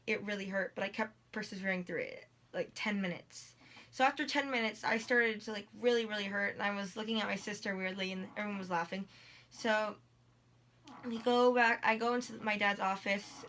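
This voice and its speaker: A woman's voice: medium pitch, bright, forceful tone. A teenage girl telling a long personal story in a casual vlog, rambling with many likes and ums while in pain. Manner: rambling, lots of likes and ums, quotes people in dialogue. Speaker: vlogger.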